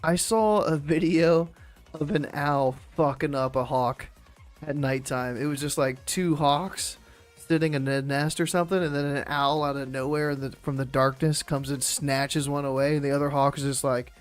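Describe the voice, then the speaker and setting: A man's voice: fairly high pitch, steady tone, normal speed, faint music behind. A man streaming a game and chatting casually, rambling and laid-back, swearing freely and laughing often. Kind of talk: casual chat while gaming.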